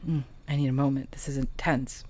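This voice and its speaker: A woman giving a tarot reading, talking softly and emotionally, with halting pauses. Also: a bass voice, little pitch movement. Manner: slow, soft, emotional and halting. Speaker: tarot reader and channeler.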